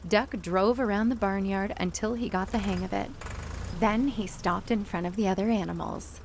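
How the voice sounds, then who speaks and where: A woman reading a children's picture book aloud, narrating in a lively, expressive way with big jumps in pitch. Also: moderate pace, slight background noise. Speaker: storybook reader.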